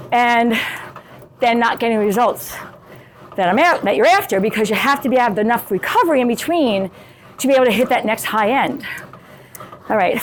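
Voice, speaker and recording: A middle-aged woman coaching fitness in a loose, conversational way, with a voice pitched a little above most women's. She talks while working out on an exercise bike and keeps checking in with the viewer. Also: a little hiss or hum. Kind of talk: casual instructional talk while demonstrating on an exercise bike.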